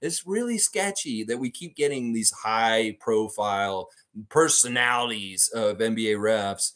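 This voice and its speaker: A man's voice: lowish voice, measured pace, fairly bright tone. A man hosting a live basketball preview stream, chatting casually, reading viewer comments aloud and rambling animatedly. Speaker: sports channel host.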